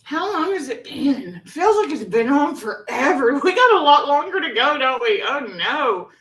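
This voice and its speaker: A woman's voice: high-pitched, sing-song, normal speed, fairly bright tone, echoey room, recorded from a distance, low-quality recording. A woman hosts a casual live chat, self-mocking and often laughing. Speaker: host of a live chat show.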